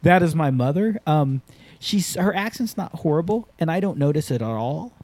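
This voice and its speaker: Profane storytelling man, mellow tone. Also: on the high side, animated, normal speed. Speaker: podcast host and skydiving instructor. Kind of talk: casual podcast chat.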